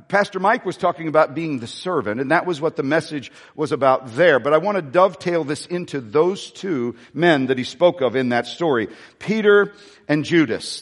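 A male pastor preaching a sermon in a conversational way, with folksy asides. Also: a little high. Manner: conversational, with folksy asides and dramatic soft-voiced quotes. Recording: long reverb of a large hall.

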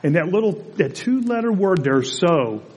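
A man's voice: high voice, normal speed. Man preaching in a reverberant church. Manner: relaxed, chatty storytelling delivery. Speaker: pastor. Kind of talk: conversational sermon. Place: church sanctuary.

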